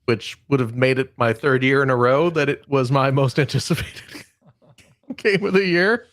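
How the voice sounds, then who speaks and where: A man's voice: medium pitch, normal speed, a bit bright. A middle-aged man co-hosting a podcast, chatting casually with dry sarcastic humor. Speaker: podcast co-host. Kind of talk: casual chat.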